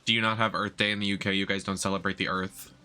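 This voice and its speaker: A man's voice: deep voice, level tone, quick pace, sharp tone, clean tone, faint music behind. A man with a Boston accent chatting crudely and playfully while streaming a game, laughing often. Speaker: gaming streamer. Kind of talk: casual gameplay stream chat.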